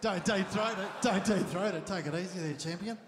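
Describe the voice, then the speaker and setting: An audience member at a live show, loud and cheeky, half-shouting a crude limerick. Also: male voice, high-pitched, brisk. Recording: echoey room with crowd noise.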